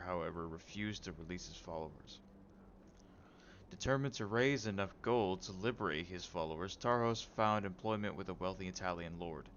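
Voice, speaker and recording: A man's voice: deep voice, fairly bright tone, dull audio, slight background noise. A man streaming a game who reads its lore aloud, stumbling over names and breaking off for wry joking asides.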